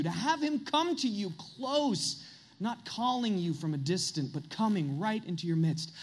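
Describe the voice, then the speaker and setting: A man's voice: high voice, darkish tone. A middle-aged man preaching a sermon as pastor, earnest and confessional, building to emphatic peaks.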